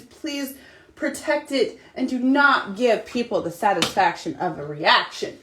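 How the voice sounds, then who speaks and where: A woman's voice: a little high, unhurried, a bit bright. A woman in her thirties, a mom talking casually and animatedly to her followers, emphatic and repetitive. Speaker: mom vlogger. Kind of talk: casual motivational monologue.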